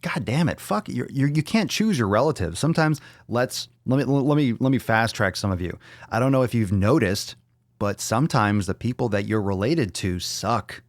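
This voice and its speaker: A man's voice: mid-range voice, lively intonation, normal speed, dry recording, studio quality. A man hosting a live Q&A podcast, casual and playful, swearing freely and joking around as he answers questions. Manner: profane, playful, goofing with mock self-scolding. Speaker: podcast host.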